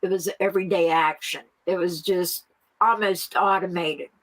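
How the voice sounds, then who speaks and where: A woman's voice: fairly low pitch, fairly even intonation, a little hiss or hum, low-quality recording. A middle-aged woman farmer from the United States, chatting as an interview guest and laughing often as she talks. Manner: slow, laughs often while talking. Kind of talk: casual interview talk.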